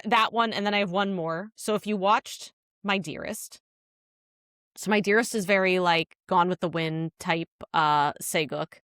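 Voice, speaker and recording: A woman's voice: mid-range voice, fairly bright tone, clear, resonant tone, no echo, clean studio sound. A woman co-hosting a podcast, casually retelling a drama scene with lots of "like" fillers. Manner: rambling retelling full of "like" fillers. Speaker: podcast co-host.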